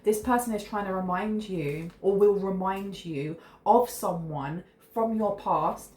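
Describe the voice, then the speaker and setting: In an echoey room with some faint noise, a tarot reader speaks in a mid-range, darkish-toned voice at a measured pace. Her reading is casual and chatty, rambling along and frequently restarting her words mid-word.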